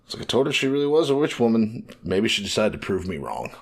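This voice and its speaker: A man's voice: fairly low pitch, vocal fry. Man animatedly recapping a story. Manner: animated recap acting out characters' lines in quick paraphrase. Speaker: podcast co-host. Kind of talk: casual podcast chat.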